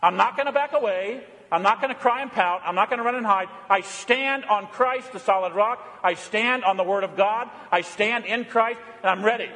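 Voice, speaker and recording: A man preaching a sermon as pastor, emphatic and repetitive, often dropping to a quiet, intense delivery. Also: sits high, long reverb tail.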